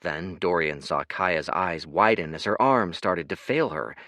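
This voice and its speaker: Deep-voiced male audiobook narrator. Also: measured pace, a bit bright, no room sound, clean studio sound.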